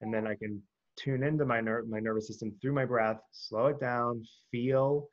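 Earnest guest on dull lo-fi audio. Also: male voice, mid-range voice, steady tone, moderate pace. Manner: earnest and explanatory, with filler words. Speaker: guest, breathwork coach. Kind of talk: casual conversational interview.

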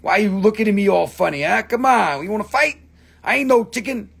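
A man voicing a tough, angry male chicken who taunts and picks a fight, talking brashly and rapidly. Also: fairly high pitch, gravelly, bright, forceful tone, breathy edge, exaggerated voice. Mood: taunting.

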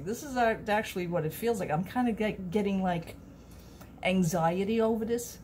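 A woman's voice: mid-range voice, normal speed, darkish tone, a little hiss or hum. A middle-aged woman, chatting to camera in a rambling, earnest way as a vlogger. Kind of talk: casual chat to camera.

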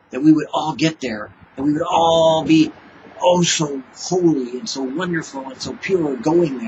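In an easygoing devotional sermon, a high-voiced preacher talks conversationally and stages little exchanges with God. The audio is muffled, with some background noise.

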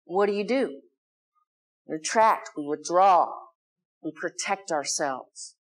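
Speaking slowly in a lowish voice with lively intonation, an American woman who leads a spiritual community gives an earnest, conversational Sunday talk. She puts questions to the people in a community hall, in front of a live audience.

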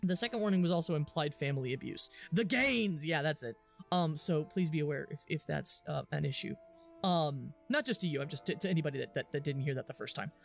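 A woman's voice: sits low, fairly quick, creaky, faint music behind. A young woman streaming a game, chatting casually and giggling often while she thinks aloud with lots of fillers. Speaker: livestreamer. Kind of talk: casual live gameplay commentary.

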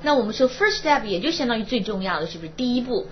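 A woman teaching a university English class, explaining in Mandarin and slowly reading English lines aloud. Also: a little high, lively intonation. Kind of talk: classroom lecture. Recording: dull old classroom recording with faint hiss.

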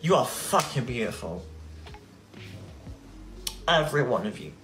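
A man's voice: medium pitch, sing-song, unhurried, music in the background. A man, ranting heatedly and indignantly on a livestream and swearing often. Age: 20s. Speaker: social media creator on a livestream. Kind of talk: emotional livestream rant.

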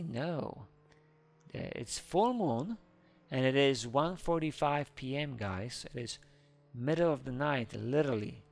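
A man hosting a gaming video, chattering excitedly through live gameplay commentary with small slips in his English. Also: medium pitch, gravelly. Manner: excitable, narrates his own actions, squeals when scared.

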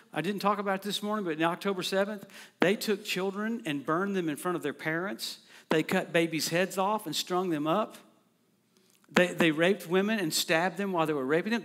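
Male preacher, middle-aged, lively storytelling sermon, slightly higher voice, loud acted-out quotes. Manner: storytelling, animated, acts out quotes loudly. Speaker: traveling preacher.

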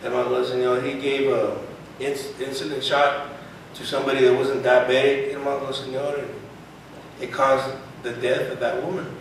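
A man's voice: mid-range voice, little pitch movement, moderate pace, a little hiss or hum. A male preacher giving a sermon and reading scripture aloud. He often drops in Spanish phrases and keeps saying "hermano" and "praise God.". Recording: very echoey room, voice far from mic.

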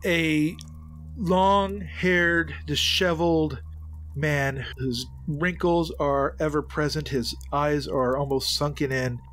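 Slow-paced male game master. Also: fairly high pitch, a bit bright. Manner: descriptive, halting with fillers. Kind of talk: narrating a tabletop game.

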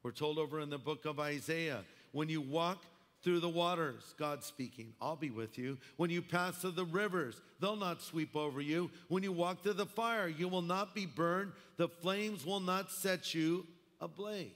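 Male pastor, fairly high voice, emphatic sermon, wry asides, big church hall reverb. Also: unhurried, fairly bright tone.

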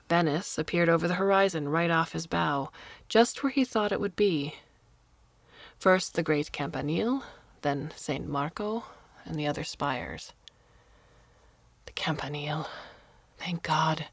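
A woman with a low voice narrates a short story in a dry, close recording. Her reading is expressive, and she sinks into soft, hushed passages now and then. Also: no room sound.

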